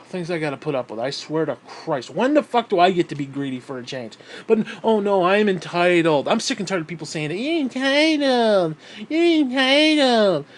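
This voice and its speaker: A man's voice: on the high side, expressive, fairly quick. A man from New York State ranting bitterly and swearing constantly in a vlog, still out of breath as he talks. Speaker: vlogger.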